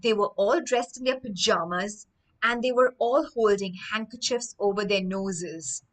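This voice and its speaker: A woman teacher reading a story aloud to children, stopping often to explain words with animated, emphatic delivery. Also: medium pitch, a little slow, low-quality recording.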